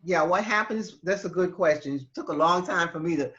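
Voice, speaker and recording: A woman's voice: on the low side, a bit bright. Patient woman teaching over muffled call. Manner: patient, halting explanations with many restarts. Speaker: Spanish teacher. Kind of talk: online class for seniors.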